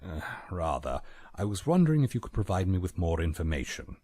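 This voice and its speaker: A man's voice: deep voice, big pitch swings, brisk, mellow, dry recording, studio quality. An actor in his sixties playing a polite, formal butler in a game. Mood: prim. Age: 60s. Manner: prim, courteous and formal. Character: polite elderly English male butler.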